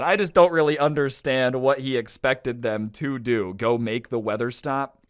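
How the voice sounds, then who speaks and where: A man telling a storytime to camera, sarcastic and incredulous, with animated retelling. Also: medium pitch, normal speed, clear, resonant tone. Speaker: storytime YouTuber. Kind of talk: storytime commentary.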